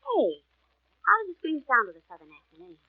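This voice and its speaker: An actress playing a sharp, affectionate young woman in a 1940s radio drama. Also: high-pitched, wildly swooping pitch, fast, phone-quality sound, full character voice.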